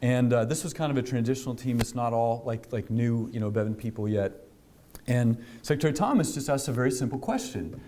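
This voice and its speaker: A government official speaking to a business audience, telling a story in a conversational way, with many fillers and restarts. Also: male voice, mid-range voice, fairly quick, warm tone, slight background noise. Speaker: government official giving a speech.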